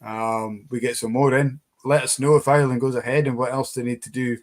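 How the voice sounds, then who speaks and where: A man co-hosts a relaxed live chat. His pitch is middling, and he tells stories in a meandering way, with plenty of pauses and restarts. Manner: rambling, with many fillers and restarts. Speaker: co-host, tour guide. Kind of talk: casual storytelling in live chat.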